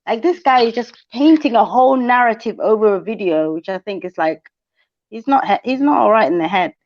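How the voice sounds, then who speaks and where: A woman co-hosting a live stream, speaking in a measured, questioning and skeptical way. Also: on the high side, animated, darkish tone, highs cut off. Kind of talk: reactive live chat.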